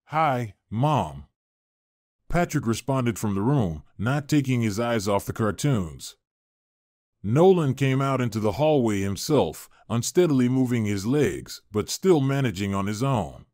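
Measured male storybook narrator. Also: mid-range voice, animated, mellow, no room sound, studio quality. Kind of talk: scripted narration.

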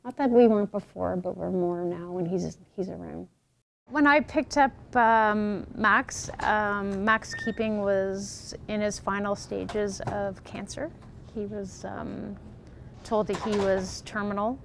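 A woman who leads a paramedic peer support program, speaking earnestly and in a measured way in a documentary interview. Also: medium pitch, fairly even intonation, creaky, noisy background.

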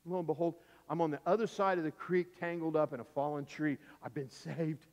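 A middle-aged male pastor preaching a sermon through a vivid personal story, swinging from loud, urgent lines to hushed ones. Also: on the high side, steady tone, fast. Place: church sanctuary. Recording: dull, echoey church recording.

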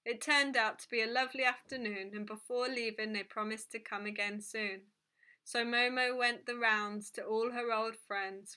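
A woman reading a children's book aloud in a gentle, unhurried way, now and then correcting herself. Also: a little high, clean tone. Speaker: storyteller.

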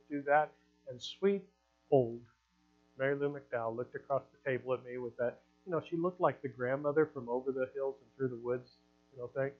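Man preaching in a casual, lively way. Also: medium pitch, phone-quality sound. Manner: conversational preaching with quoted asides and laughs. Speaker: pastor. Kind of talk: sermon. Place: church hall.

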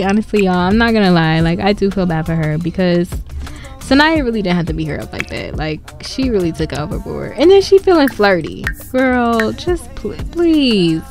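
A woman narrating her life-simulation game, animated and quick to gasp and laugh at the drama. Her voice is high and swings widely, with soft music underneath. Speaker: gaming channel host. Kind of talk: game commentary.

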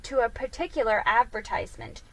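A woman's voice: on the high side, a little fast, lightly acted, rough recording. A woman voicing a shy, tired young woman who stumbles and repeats words, read over background music. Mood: anxious, tired.

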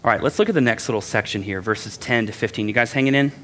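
A man's voice: mid-range voice, quick pace, a bit bright, slight background noise. A man preaching a sermon as a pastor, conversational and self-deprecating, acting out the voices of the people in the text.

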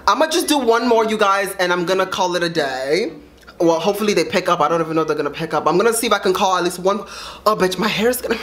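A young adult woman vlogger making a prank phone call and talking to her viewers in a brash, excitable way, swearing freely. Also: lowish voice, fast, soft background music.

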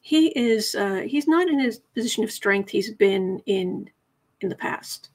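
A woman's voice: mid-range voice, animated, a little slow, a little mellow. A woman hosting a casual tarot livestream, reading viewer comments aloud and chatting in a rambling, self-correcting way.

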